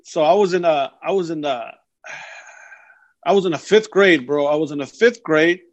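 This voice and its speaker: A young man telling a story on a casual podcast, animated and slangy, always saying "bro". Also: on the high side, normal speed. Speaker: podcast guest. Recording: dull lo-fi sound.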